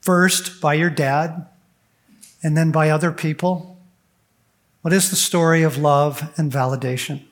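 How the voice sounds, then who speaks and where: A middle-aged man giving a heartfelt talk at a men's gathering, earnest and animated, sometimes acting out the voices of people in his stories. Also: on the high side, unhurried, pauses often. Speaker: speaker at a men's conference.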